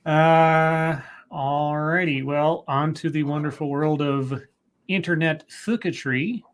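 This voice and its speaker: A man's voice: fairly high pitch, fairly even intonation, slow. A man hosting a casual podcast, joking wryly and reading out social media posts. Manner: wry, joking, reads out tweets. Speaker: podcast host. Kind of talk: casual chat.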